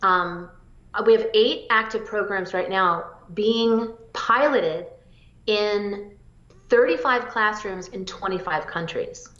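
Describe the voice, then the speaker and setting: Woman, psychologist guest, energetic and chatty, mid-pitched, echoey lo-fi recording. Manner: energetic, eager, rapid bursts. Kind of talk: interview answers. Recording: roomy, dull lo-fi audio.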